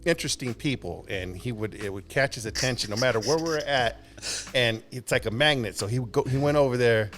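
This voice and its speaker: A man, spinning loose, rambling stories about the old days as a podcast guest. His voice sits at an ordinary middle pitch, and he talks easily over a faint bed of music. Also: a little fast, a bit bright. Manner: laid-back, rambling anecdotes with laughs. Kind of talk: storytelling in casual conversation.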